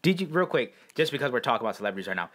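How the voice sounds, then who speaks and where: A young man co-hosting a podcast chats casually and rambles, dropping in lots of filler words. His mid-range voice has a sing-song lilt and a fairly bright tone, and he speaks very fast.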